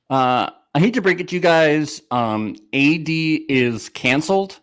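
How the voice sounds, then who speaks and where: A man's voice: on the high side, expressive, slow pace, fairly bright tone, smooth. Jokey young man recapping a show. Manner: jokey, laughs often. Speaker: podcast co-host. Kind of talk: casual recap chat.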